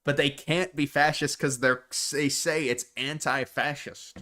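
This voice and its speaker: A man's voice: on the high side, fairly even intonation, measured pace, pushed and bright. A man commentating live on a political clip, mocking and sarcastic, laughing at what he hears.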